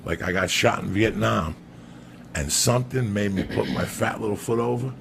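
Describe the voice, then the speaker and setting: A man with a fairly low, gravelly voice recounts a crude, funny story on a podcast at normal speed, with background noise behind him. He swears frequently, stresses his words, and keeps naming the person he's talking to.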